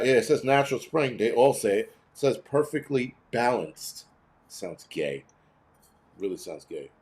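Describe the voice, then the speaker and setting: Man, fifties, livestream host, casual rant, sarcastic, swearing, mid pitch. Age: 50s. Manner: profane, rambling, sarcastic.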